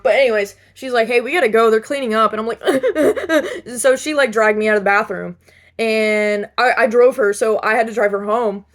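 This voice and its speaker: A young woman talking casually to camera, chatty and rambling, with many fillers and restarts, laughing now and then. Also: mid-range voice. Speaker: vlogger. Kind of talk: casual chat.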